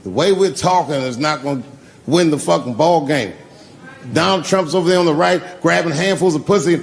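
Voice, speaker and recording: A man's voice: fairly high pitch, a little fast, gravelly. A man doing a stand-up set at a comedy club, telling stories in a laid-back, profane way. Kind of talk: stand-up set with crowd work.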